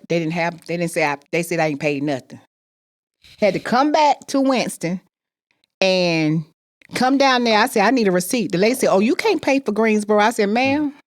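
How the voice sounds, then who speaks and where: A woman telling a personal story with emphatic repetition, acting out the people she quotes. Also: medium pitch. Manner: emphatic, repeats phrases, acts out quoted voices.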